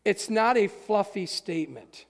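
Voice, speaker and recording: A man preaching a sermon to his congregation, emphatic, swinging between hushed and loud, speaking to them directly. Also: high-pitched, animated, a little slow. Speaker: pastor. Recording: long reverb of a large hall.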